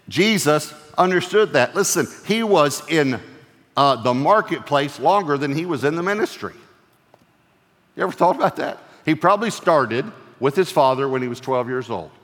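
Animated preacher man in a reverberant hall. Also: fairly high pitch, moderate pace. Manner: animated, acts out quoted lines in playful voices; laughs often while preaching. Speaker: pastor. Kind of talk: sermon.

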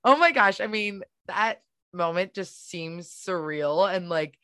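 Bright-voiced woman, enthusiastic podcast host. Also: lowish voice, a little slow, clear, resonant tone, no echo. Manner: laughs a lot, enthusiastic. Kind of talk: casual chat.

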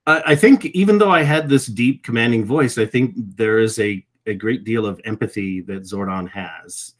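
Thoughtful lower-voiced middle-aged man. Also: moderate pace. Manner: thoughtful, repeats words as he starts. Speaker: voice actor guest. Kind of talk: reflective interview answers.

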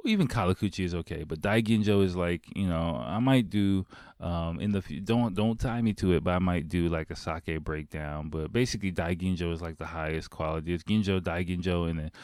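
A man's voice: deep voice, steady tone, brisk, a little mellow, no room sound, studio quality. A man casually telling a rambling late-night story as a podcast host, full of fillers like "um" and "like", with offhand swearing.

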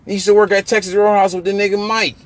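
A young man, a podcast host telling profane, animated stories with loose repetitions. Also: high voice, fast. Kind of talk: casual chat.

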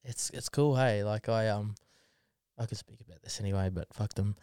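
A man's voice: on the low side, normal speed, a little mellow, clear, resonant tone, dry recording, studio quality. A man, co-hosting a podcast, rambling and swearing with frequent laughs in casual chat. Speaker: podcast co-host.

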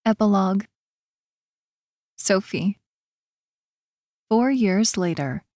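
A woman's voice: mid-range voice, animated, slow pace, a little mellow, no room sound, studio quality. A woman narrating a romance audiobook in first person, voicing the characters in turn.

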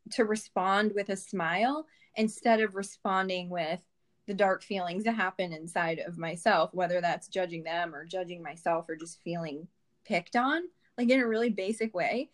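Woman, podcast guest, candid reflective storyteller, mid pitch. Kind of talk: casual interview conversation.

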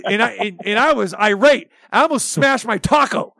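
Brief: male sports radio host, high pitch, animated ranting, dry close mic. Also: moderate pace, gravelly, no echo. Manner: animated ranting, acts out quotes.

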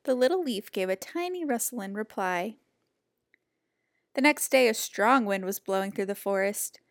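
A woman reading a children's picture book aloud in a gentle, expressive storytelling voice. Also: medium pitch, moderate pace, no echo, clean studio sound.

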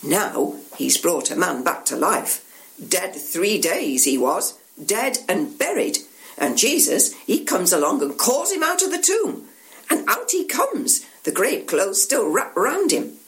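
A woman's voice: medium pitch, very animated, slow pace, a bit bright, exaggerated voice. A woman voicing a village local who earnestly tells a miracle story like neighbourhood gossip. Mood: awed. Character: awed local man telling a miracle.

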